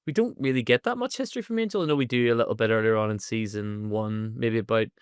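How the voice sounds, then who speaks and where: A man co-hosting a podcast, recapping an episode in an animated, sweary chat and laughing often. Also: lowish voice, quick pace, smooth, no room sound, studio quality. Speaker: podcast co-host.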